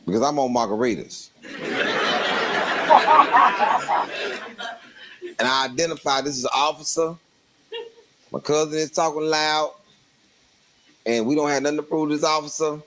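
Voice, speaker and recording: A man telling a comic story, laughing as he goes and jumping into loud voices for the people in it. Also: takes it slowly, pauses often, slight background noise, poor audio. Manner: animated, laughing through the story, jumps into loud high voices for other people. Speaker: storyteller on a livestream show.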